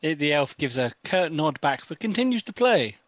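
A man chatting as a tabletop game player in an easygoing way. His voice is a little high, and the recording sounds dry and dull. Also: big pitch swings, normal speed, no room sound.

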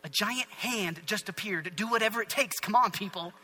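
A man's voice: high-pitched, normal speed, pushed and bright, big-room sound. A man voicing a boastful, panicky ancient king who talks in casual modern slang. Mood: panicked.

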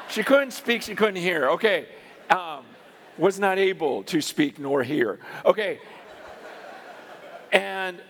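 A man preaching a sermon, telling stories with animated swings between loud exclamations and hushed, quiet moments. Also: high voice. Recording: long hall reverb.

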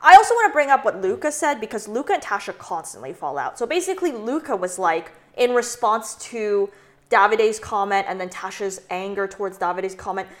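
A woman's voice: medium pitch, big pitch swings, fairly quick. A woman co-hosting a podcast who jumps in eagerly and agrees often. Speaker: podcast co-host. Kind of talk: casual chat.

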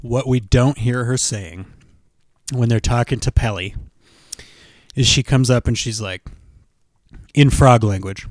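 A man's voice: mid-range voice, a little slow, long pauses, no room sound, clean studio sound. A man co-hosting a podcast, chatting casually and jokingly acting out silly voices for the people he talks about. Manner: jokey, acts out silly voices. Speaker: podcast co-host. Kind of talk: casual chat.

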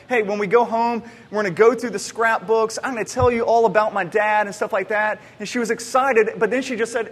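A man's voice: high-pitched, husky. A man in his thirties preaching a sermon, telling stories in a loose, conversational way with many restarts. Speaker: pastor. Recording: long hall reverb.

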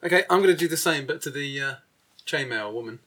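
A man's voice: on the high side, animated, fast, sharp tone. A man playing a tabletop game, chatting casually and laughing easily. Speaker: player. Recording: noisy room recording.

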